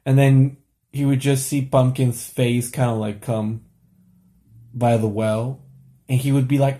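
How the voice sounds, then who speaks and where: A man's voice: mid-range voice, little pitch movement, measured pace, pauses often, warm tone. A young man talking casually to camera late at night, rambling with lots of fillers and restarts.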